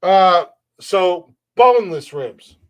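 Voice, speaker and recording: Podcast host man from the US, casual joking chatter, voice a bit high. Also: lively intonation, slow pace. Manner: playful, joking, self-mocking. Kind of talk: casual comedic chat.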